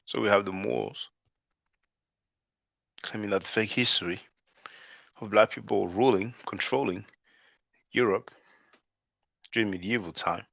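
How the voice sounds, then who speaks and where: A channel host with a fairly low, slightly bright voice and vocal fry talks at a measured pace, pausing often. In a loose commentary monologue he calls viewers brothers and sisters and keeps saying "man," captured in a dull, lo-fi, dry recording with no echo.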